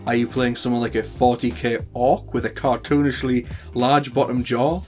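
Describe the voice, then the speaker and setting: A man's voice: mid-range voice, normal speed, few pauses, darkish tone, soft background music. A man with a northern English accent hosting a tutorial, chatty with playful asides. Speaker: host. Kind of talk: tutorial talk to camera.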